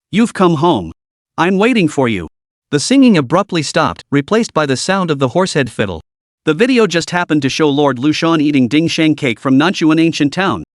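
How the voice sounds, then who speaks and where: A man narrating a web novel in an even, steady reading voice. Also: a little high, dry recording, clean studio sound.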